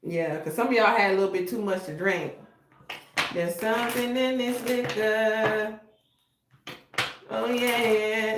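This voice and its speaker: A woman giving a casual tarot reading in a blunt, slangy way. She often repeats "okay?". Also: medium pitch. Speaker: tarot reader. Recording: echoey room with noise.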